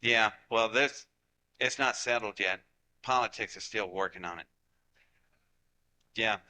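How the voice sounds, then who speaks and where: In a rough recording, a man in his forties from Ohio recounts a folksy story for an audience and acts out people's lines. His fairly low voice is pushed and bright, and he keeps a measured pace.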